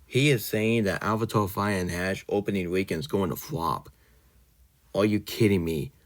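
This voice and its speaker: A man's voice: sits low, normal speed. A man hosting his own channel, ranting indignantly in a casual vlog style, loosely worded and full of fillers. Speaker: channel host.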